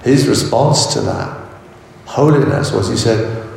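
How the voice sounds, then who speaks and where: A man preaching a sermon in a measured way, often repeating words as he searches for the next phrase. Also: medium pitch, wildly swooping pitch, creaky, a little mellow, slight background noise. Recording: echoey hall, voice from far off.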